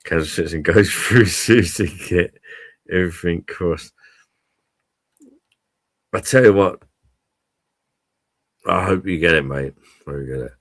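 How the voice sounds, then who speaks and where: A man's voice: a bass voice, fairly bright tone, no room sound. A man hosting a casual live stream, chatting to viewers and swearing freely.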